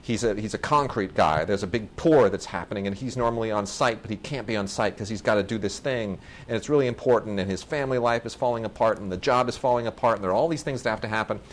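A man's voice: on the low side, fast, few pauses. A man hosting a podcast, chatting casually and enthusiastically about films, often restarting his sentences. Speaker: podcast host reviewing films. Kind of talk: casual film review chat.

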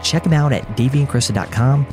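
A man hosting a podcast in casual chat, relaxed and saying "you know" often. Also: mid-range voice, a little fast, music in the background. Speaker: podcast host.

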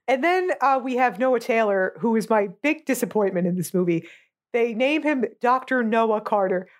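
A woman co-hosting a casual movie podcast, her voice sitting a bit high. She talks bluntly with sarcasm and swearing. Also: expressive, measured pace, long pauses. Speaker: podcast co-host.

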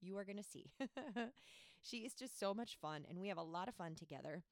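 A woman hosting a faith podcast, teaching with earnest emphasis and chatting warmly with a friend. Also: medium pitch, lively intonation, fairly quick, no room sound, studio quality. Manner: earnest, emphatic, laughs often. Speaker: podcast host.

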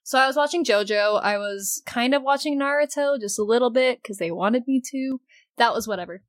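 A woman co-hosting a casual fan podcast, loud, teasing and excitable. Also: fairly high pitch, no echo. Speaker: podcast co-host. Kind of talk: casual chat.

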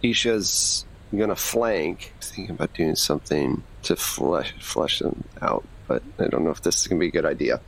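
A man talking casually as a player in a tabletop role-playing game, thinking out loud about his plans. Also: rumbling low, animated, normal speed, gravelly, hardly any pauses, breathy edge, rough recording.

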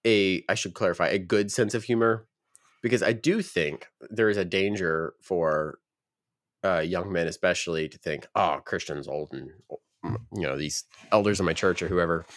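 A man's voice: low voice, a bit bright, no room sound, clean studio sound. A man co-hosting a podcast, talking reflectively with frequent hesitations. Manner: reflective, hesitant, many fillers. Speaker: podcast co-host. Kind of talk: casual chat.

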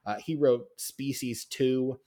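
A man's voice: medium pitch, fairly even intonation, slow, mellow. A man hosting a film podcast in casual chat, walking through a production history from notes with many fillers and restarts. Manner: rambling, filler-heavy, reads notes. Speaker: podcast host.

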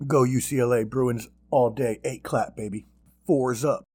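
A man hosting a podcast in casual sports chat, animated and profane, with mocking asides. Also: medium pitch, measured pace, slightly rough. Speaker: podcast host.

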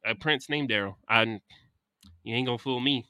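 A man's voice: mid-range voice, moderate pace, bright, forceful tone, smooth, no echo. A man co-hosting a podcast, chatting casually and ranting bluntly with lots of profanity. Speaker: podcast co-host. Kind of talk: casual chat. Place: Houston.

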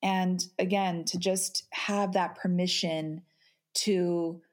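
A middle-aged woman speaking as a podcast guest, halting and repeating her words as she talks through grief. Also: lowish voice, steady tone. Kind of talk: emotional podcast conversation.

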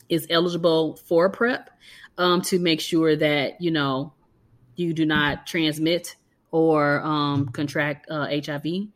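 A woman co-hosting a podcast, explaining health advice in a measured way and chatting casually. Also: on the low side, fairly bright tone. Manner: measured, advisory. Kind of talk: casual chat.

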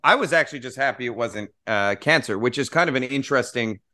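A man talking in a relaxed, matter-of-fact way in a casual podcast conversation over a video call. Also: mid-range voice, fast. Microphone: remote video call.

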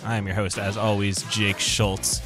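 A man's voice: fairly low pitch, level tone, normal speed, over music. A young man with a Canadian accent hosting a casual sports podcast, teasing his co-hosts with jokey banter. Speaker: podcast host.

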